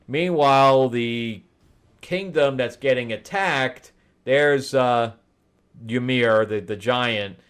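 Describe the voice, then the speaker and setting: A man's voice: mid-range voice, a bit bright, clean tone. A man hosting a comic review, casually recapping a story in a rambling way with asides. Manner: rambling retelling with laughs and asides.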